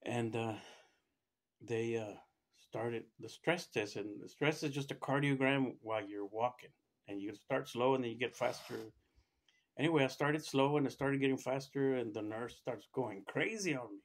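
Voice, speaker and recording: Man casually retelling a personal story. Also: moderate pace. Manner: rambling, acts out quoted voices with raised pitch, many restarts. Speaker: storyteller recounting his own experience.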